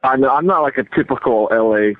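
A man's voice: medium pitch, fast, dry recording. A young man from California calling in, a former minor league baseball player, easygoing and self-deprecating. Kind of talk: phone call. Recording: tinny phone line.

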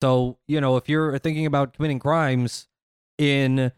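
A man's voice: mid-range voice, level tone, moderate pace, a little hiss or hum, lightly acted. A man playing a stammering braggart superhero. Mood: bumbling. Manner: hesitant, stammering, repeats himself. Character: bumbling, boastful male small-town superhero.

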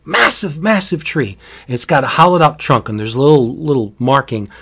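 A man's voice: mid-range voice, lively intonation, fairly quick, vocal fry, a bit bright, husky. Rambling man recapping a book. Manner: rambling, laughs often, many restarts. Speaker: book reviewer. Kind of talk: casual chat.

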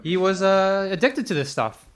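A man's voice: animated, normal speed. Laughing, storytelling young man. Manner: laughing storyteller, acts out quotes in a higher voice. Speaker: podcast co-host telling restaurant stories. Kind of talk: casual chat.

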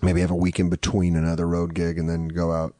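A man guesting as a comedian, telling relaxed stories about his life with quoted asides. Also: sits low, fast, dry recording, clean studio sound. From New York. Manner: laid-back storytelling with quoted asides. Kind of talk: casual chat.

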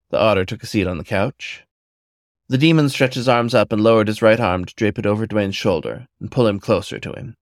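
Low-voiced man reading a story. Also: fairly quick, no echo, studio quality. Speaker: narrator.

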